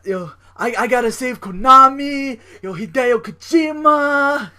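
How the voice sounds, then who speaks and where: A man putting on the high, brash voice of a hyped street-tough male wrestler, peppering his lines with "yo". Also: measured pace, pushed and bright, heavily acted. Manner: repeats "yo", stretched words.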